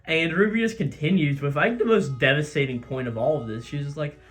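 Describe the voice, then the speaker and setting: A man's voice: a little high, brisk, hardly any pauses, a bit bright, faint music behind. A man casually recapping a comic chapter in a chatty, filler-heavy way. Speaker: manga recap host.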